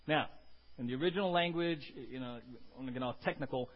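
A male pastor preaching a sermon, animated, swinging between loud emphasis and quiet low asides. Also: fast talker, dull audio.

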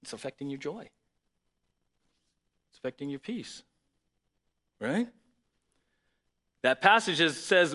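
A male pastor preaching in a bright, slightly high voice. He moves between reading scripture aloud and easy, conversational explanation, with sudden bursts of loud emphasis. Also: big pitch swings, measured pace, pauses often. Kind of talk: sermon.

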